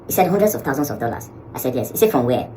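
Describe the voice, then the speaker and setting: Nigerian male vlogger, quick and lively storyteller who acts out every quote. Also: medium pitch, a little hiss or hum, poor audio. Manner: animated, acts out quoted dialogue, mixes Pidgin. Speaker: social media commentator. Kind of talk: storytelling vlog.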